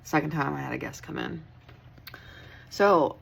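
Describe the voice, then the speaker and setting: A woman's voice: deep voice, expressive, unhurried, gravelly, breathy edge. A young woman who works at a hotel, telling a story in a blunt, casual way with plenty of swearing and a tired, wry tone. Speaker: hotel worker.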